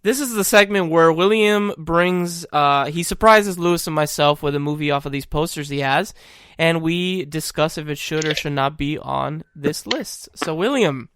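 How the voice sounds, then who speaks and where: Giggly podcast host, higher voice. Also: male voice, moderate pace, a bit bright, clean tone. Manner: giggly, steers segments. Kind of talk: casual chat.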